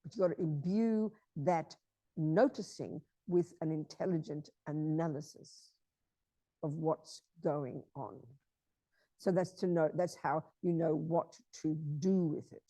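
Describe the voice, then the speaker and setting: Woman nun teaching buddhism, blunt n emphatic, mellow voice, dry sound. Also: deep voice, a little slow, no room sound. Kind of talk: informal dharma teaching talk.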